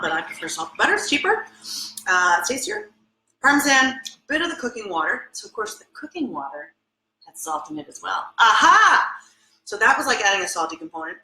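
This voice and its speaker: A woman hosting a live cooking lesson in her home kitchen, chatty and excitable as she demonstrates and tastes. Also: medium pitch, echoey room, rough recording. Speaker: cooking show host.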